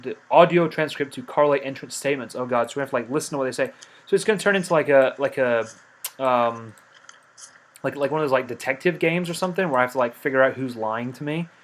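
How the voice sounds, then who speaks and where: A man giving let's play commentary, talking himself through each step and scolding the game's characters in mock outrage. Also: medium pitch. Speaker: game commentator.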